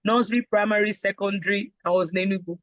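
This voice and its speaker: A Nigerian woman teaching a casual online speaking class, lively and joking as she acts out voices. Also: medium pitch, fast talker, no room sound, highs cut off. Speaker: IELTS speaking instructor.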